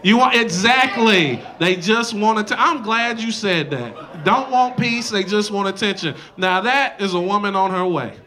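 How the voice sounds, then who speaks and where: A male comedian performing a loud, animated stand-up set on a club stage, slipping into mocking voices, with the audience laughing. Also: high-pitched, unhurried, hardly any pauses. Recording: live club recording, crowd laughter. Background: crowd laughter.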